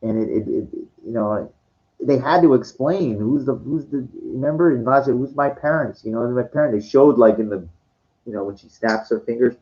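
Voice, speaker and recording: A man hosting his own channel, ranting in a passionate, halting way and repeating himself often. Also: mid-range voice, lo-fi sound. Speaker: host. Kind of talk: rambling movie rant.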